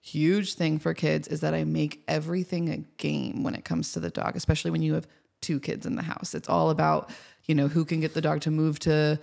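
Woman host, gravelly voice, monotone, practical advice, dog training podcast. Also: deep voice, fairly quick. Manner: practical, explains in steady advice mode. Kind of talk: casual podcast conversation.

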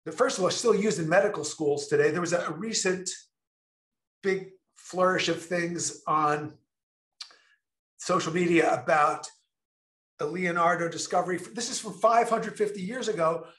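A man giving an enthusiastic online presentation, stressing key words slowly and deliberately. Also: sits high, fairly bright tone, roomy sound.

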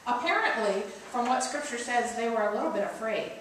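Woman pastor, slightly high voice, teasing and coaxing the congregation, heard from far back in a very echoey church. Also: lively intonation, brisk, fairly bright tone, a little hiss or hum. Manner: playful, coaxing congregation to join in. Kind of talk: interactive sermon. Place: church sanctuary.

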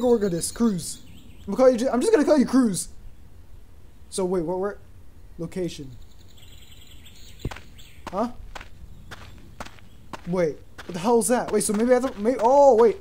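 A man's voice: high-pitched, lively intonation, a little slow, pauses often, warm tone, slight background noise. A man giving casual gameplay commentary, thinking aloud, unsure of himself and swearing casually. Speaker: gaming YouTuber.

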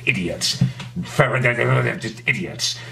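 An indignant man rants straight to camera in a comedic vlog. His voice is bright and forceful, and his pitch swings widely as he works himself up. He peppers his complaints with mild swearing. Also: lively intonation, unhurried, gravelly. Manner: indignant, ranting, swears often. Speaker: vlogger host.

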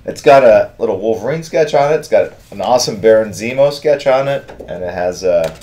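A man's voice: on the low side, a little fast. Middle-aged man teaching a draw-along. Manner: relaxed, rambling instructions with fillers and chat-reader shout-outs. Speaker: artist hosting a draw-along stream. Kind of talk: live-streamed drawing lesson.

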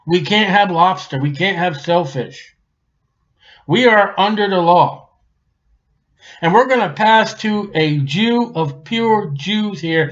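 A man preaching an expository sermon in a lively, colloquial way, swinging between loud and hushed. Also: high voice. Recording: dull lo-fi recording.

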